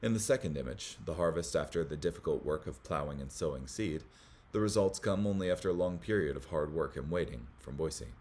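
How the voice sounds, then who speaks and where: A man hosting a Bible study, reading commentary aloud in a measured way, with small slips that he corrects as he goes. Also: a bass voice, a little mellow.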